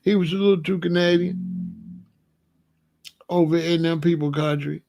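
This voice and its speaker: A man's voice: a little high, steady tone, moderate pace, gravelly, darkish tone, no echo. A man from Chicago hosting a casual commentary monologue, talking in loose slang, laughing often and repeating his points. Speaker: commentary channel host.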